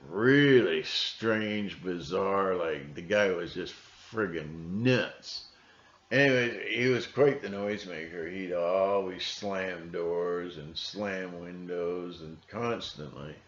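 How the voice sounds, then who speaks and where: A middle-aged man rambling through a monologue, repeating himself and now and then mimicking others. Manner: meandering, repeats himself, mimics people in shrill voices. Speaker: conspiracy video host. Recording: echoey room, dull lo-fi sound.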